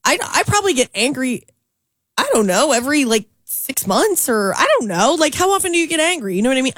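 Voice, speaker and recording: A woman co-hosting a morning radio show, chatting in a lively way with lots of likes and restarts. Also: sits high, fast, no echo. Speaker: radio co-host. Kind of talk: casual morning radio chat.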